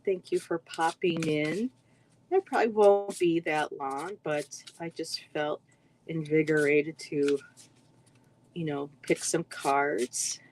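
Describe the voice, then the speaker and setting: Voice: mid-range voice, fairly even intonation, slow, a little hiss or hum, low-quality recording. A card reader hosting a casual livestream, greeting viewers in the chat by name and now and then tripping over words.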